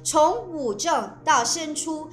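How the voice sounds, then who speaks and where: A woman interpreting a sermon phrase by phrase with expressive phrasing. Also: high voice, takes it slowly, echoey room, soft background music.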